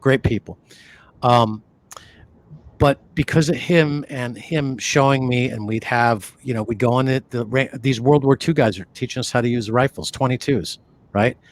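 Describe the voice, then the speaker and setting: A man from the New York City area co-hosting a podcast, talking in a rambling, animated way with many fillers and restarts. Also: medium pitch, normal speed. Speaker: podcast co-host. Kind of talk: conversational podcast talk.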